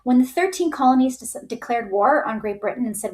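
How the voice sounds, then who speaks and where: A woman's voice: fairly high pitch, lively intonation, fairly quick. A woman giving a casual history lesson as a teacher, chatty, with many "right?" tags and little put-on voices for the groups she describes.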